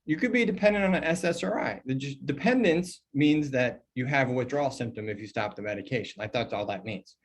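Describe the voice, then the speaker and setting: A man's voice: medium pitch, brisk, hardly any pauses. A middle-aged man, an emergency physician and toxicologist, giving a recorded medical training lecture in a loose, conversational way with lots of fillers. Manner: conversational and animated, many fillers, mock dialogues in a put-on voice.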